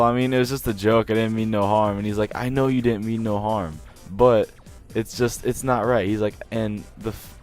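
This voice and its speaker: Young-sounding male vlogger, smooth clear voice, loose rambling storyteller. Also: fairly low pitch, a little mellow. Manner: rambling, laughs often, restarts. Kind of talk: casual storytime monologue.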